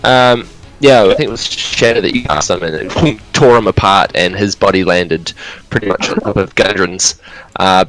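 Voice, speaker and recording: A man narrating a tabletop fantasy game as dungeon master, relaxed and rambling with fillers. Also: sits low, moderate pace, soft background music, poor audio.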